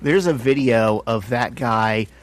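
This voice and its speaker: A man co-hosting a casual comic-book podcast, relaxed and chatty, laughing often and swearing in passing. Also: medium pitch, slow pace, slight background noise. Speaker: podcast co-host.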